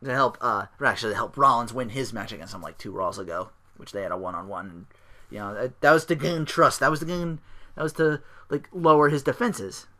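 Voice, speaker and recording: A man's voice: mid-range voice, a little fast, sharp tone. A man hosting a solo podcast, recapping in a rambling, sarcastic way with fillers, restarts, profanity and weary sighs. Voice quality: sarcastic, profane, mocking impressions of wrestlers. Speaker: podcast host.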